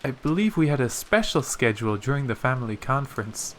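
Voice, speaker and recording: A man's voice: mid-range voice, very animated, a little fast, a little hiss or hum, close to an everyday voice. A man voicing a polite, timid young female maid, reading a visual novel aloud with humble, deferential speech.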